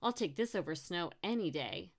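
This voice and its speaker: A woman's voice: lowish voice, normal speed. Woman doing a whiny, chirpy young student. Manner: whiny, excitable.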